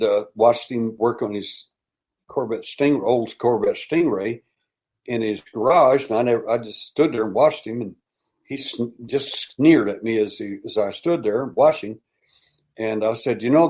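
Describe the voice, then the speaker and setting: An American man guesting on a podcast, telling long stories with lively acted-out dialogue. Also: mid-range voice. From United States. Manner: animated storyteller acting out quoted dialogue. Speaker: podcast guest, alien abduction researcher. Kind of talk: storytelling in casual interview.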